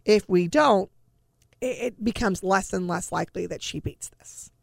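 A woman's voice: mid-range voice, moderate pace, gravelly, no echo, studio quality. A middle-aged woman, a mother and guest in an interview, telling her own story in an earnest, conversational way, often repeating words. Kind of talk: emotional personal storytelling in an interview.

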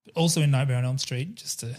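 A man's voice: mid-range voice, quick pace, darkish tone. A man co-hosting a casual film podcast, rambling with many fillers. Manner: rambling, chatty, hesitant fillers. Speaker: podcast co-host.

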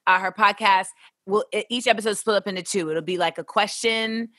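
Bright, animated woman host. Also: mid-range voice, fairly quick, dry recording. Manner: animated, laughing, slangy. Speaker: podcast host. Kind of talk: casual interview chat.

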